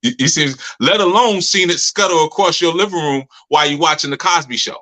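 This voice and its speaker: Bright-voiced man telling stories, laughing often. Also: on the high side, brisk, poor audio. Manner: laughs often, loose colloquial storytelling. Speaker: community leader speaking to members. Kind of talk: casual storytelling talk.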